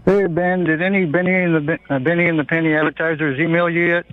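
Jokey male caller, a bit high, over the phone. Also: steady tone, fast talker. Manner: jokey, punning. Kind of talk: call-in radio joke telling. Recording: tinny phone line.

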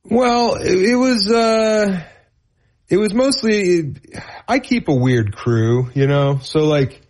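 A man's voice: high voice, slow. A man, a stand-up comedian, telling a rambling story on a podcast and acting out the voices of the people in it. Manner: rambling, animated, acts out voices in anecdotes. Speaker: comedian guest. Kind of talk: casual storytelling.

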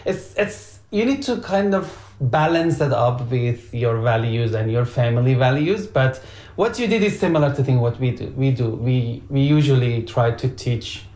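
A man's voice: medium pitch, animated, normal speed, darkish tone. A man shares his parenting opinion thoughtfully, stumbling and restarting as he goes. His phrasing is a little unusual. The room gives his voice a noticeable echo. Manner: thoughtful, restarts and repeats words, slightly non-native phrasing. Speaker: parent co-host. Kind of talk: casual parenting chat. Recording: echoey room.

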